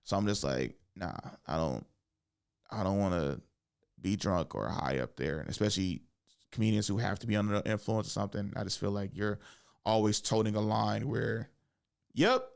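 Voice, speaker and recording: A young man hosting a podcast, telling a casual comedy story, swearing freely and jumping into high voices when he acts out what people said. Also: brisk, gravelly, smooth. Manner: animated, swears often, acts out quotes with big pitch jumps. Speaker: podcast host and stand-up comedian.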